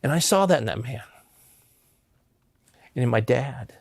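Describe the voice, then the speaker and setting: A man's voice: medium pitch, expressive, unhurried, darkish tone, no room sound, clean studio sound. A man in his fifties, a pastor from Southern California, earnestly telling personal stories in an interview. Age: 50s. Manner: earnest, impassioned.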